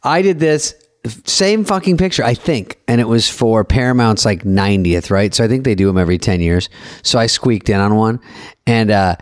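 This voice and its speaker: A man co-hosting a podcast, telling a long, profane anecdote in a lively, animated way during casual chat. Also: lowish voice, normal speed, dry recording, clean studio sound. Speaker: podcast co-host.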